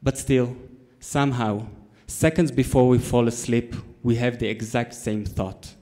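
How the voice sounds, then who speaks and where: Deadpan man telling a story. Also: mid-range voice, unhurried. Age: 30s. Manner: deadpan storytelling with comic timing. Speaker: conference speaker. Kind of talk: storytelling talk to a conference audience. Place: conference hall.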